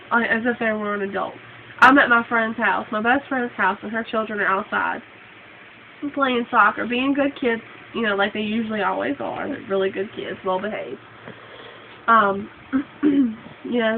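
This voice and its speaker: A young woman with a fairly high voice rants bluntly into her phone, swearing and rambling with lots of fillers. The sound is thin and phone-like, with a faint hiss underneath. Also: vocal fry. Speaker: vlogger. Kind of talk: casual vlog rant.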